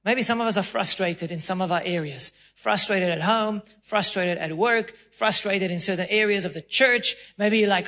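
Bright high-voiced South African preacher. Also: male voice, normal speed, few pauses. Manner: emphatic preacher, acts out voices and laughs. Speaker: pastor. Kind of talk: sermon.

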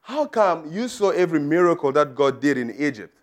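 A man's voice: on the high side, very animated, normal speed. Emphatic man preaching a sermon. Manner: emphatic, rising to loud declarations.

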